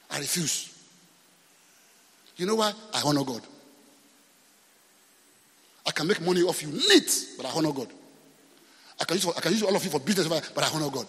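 Nigerian pastor guy preaching, lively pitch, keeps asking am i right, reverb hall. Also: a little fast, pauses often, breathy edge. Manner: animated preaching with repeated questions to the congregation. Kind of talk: sermon.

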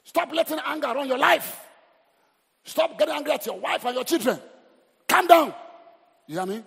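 A man's voice: very high voice, normal speed, gravelly. A middle-aged Nigerian man preaching a humorous, exhorting sermon as pastor. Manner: animated, humorous, exhorting the crowd. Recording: reverberant hall.

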